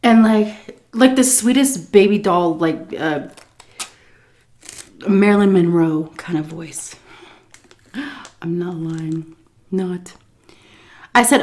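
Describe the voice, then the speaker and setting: A woman spinning a casual story for her viewers, chatty and animated. She leans on fillers and jumps into little reenactments as she talks. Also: lowish voice, takes it slowly, pauses often. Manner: animated, lots of fillers and laughs, acts scenes out. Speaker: food vlogger.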